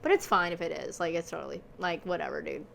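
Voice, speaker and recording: A woman's voice: sits low, quick pace, creaky, fairly bright tone, slight background noise. A woman hosting her own podcast, rambling and gushing in a casual solo monologue, swearing freely and leaning on lots of fillers. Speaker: podcast host.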